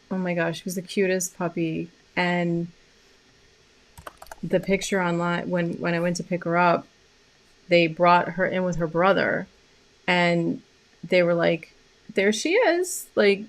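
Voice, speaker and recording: A woman with a lowish voice hosts a live stream on animal communication. She talks softly and casually, rambling along with lots of fillers and restarts.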